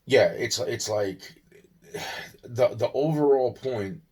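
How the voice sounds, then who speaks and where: A man's voice: mid-range voice, slow, dark tone, breathy edge. A young man rambling on in a casual monologue, swearing often, yawning and tired. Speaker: vlogger.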